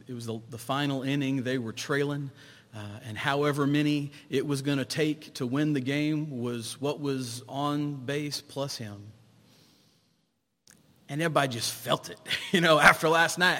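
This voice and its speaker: A man, a pastor, preaching a sermon, telling stories and swinging between loud exclamations and hushed low tones. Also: big-room sound.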